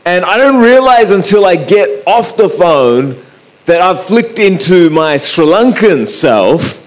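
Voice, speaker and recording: A man with an Australian accent, giving a talk to an audience in a relaxed, anecdotal way at a microphone. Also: sits high, slow pace. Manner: relaxed, anecdotal, with frequent "uh" and restarts. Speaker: speaker.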